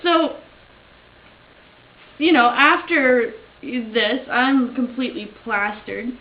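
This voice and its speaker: A giggly woman with a high voice telling a party story. She stretches out her punchlines for laughs. The lo-fi recording sits in an echoey room with faint hiss. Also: animated. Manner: giggly, drawn-out comic delivery. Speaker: vlogger. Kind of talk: casual storytelling chat.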